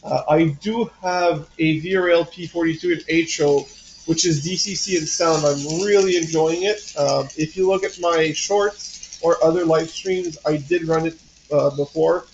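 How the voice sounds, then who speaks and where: A man's voice: fairly high pitch, steady tone, measured pace, dull audio, a little hiss or hum. A man with a French Canadian accent, hosting a casual model train livestream from home, rambling with lots of fillers and restarts. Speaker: livestream host.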